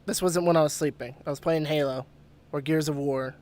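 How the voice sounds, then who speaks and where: A man's voice: a little high, a little fast. A man hosting a podcast, telling a story casually with lots of swearing and laughter. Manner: profane, laughing, animated retelling. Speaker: podcast host.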